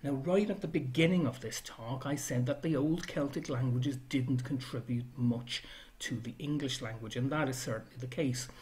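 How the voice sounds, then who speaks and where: A man's voice: mid-range voice, moderate pace, darkish tone. Man listing borrowed words. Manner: listing words one by one with brief asides. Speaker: library talk presenter. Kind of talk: educational talk.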